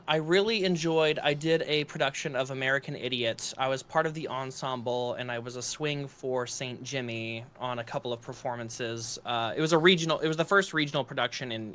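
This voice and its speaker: A man's voice: mid-range voice, a bit bright. A man, a voice actor, chatting casually on a video call in a friendly, rambling way with plenty of fillers. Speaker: voice actor guest.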